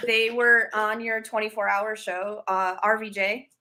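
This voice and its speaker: A woman's voice: medium pitch, flat delivery, unhurried, pushed and bright, a little hiss or hum. A woman guesting on a podcast, adding short, agreeable remarks. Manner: brief, agreeable interjections. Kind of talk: casual podcast chat.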